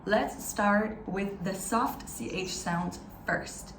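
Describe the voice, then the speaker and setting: A woman's voice: mid-range voice, loud music behind the voice. Upbeat woman teaching pronunciation, echoey room. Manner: upbeat, encouraging, demonstrates sounds slowly. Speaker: German language teacher. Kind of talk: step-by-step pronunciation lesson. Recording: echoey room, slightly distant mic, faint ambience.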